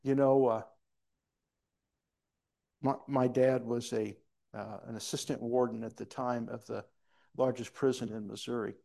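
A man's voice: medium pitch, fairly even intonation, measured pace, gravelly, long pauses, dark tone. A male pastor preaching a sermon in a church, telling a story earnestly with frequent restarts.

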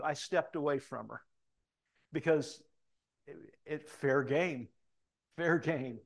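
Middle-aged male pastor, sermon delivery, fairly high voice, lively swings from loud reading to quiet asides. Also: unhurried, long pauses. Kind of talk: sermon reading and commenting on scripture.

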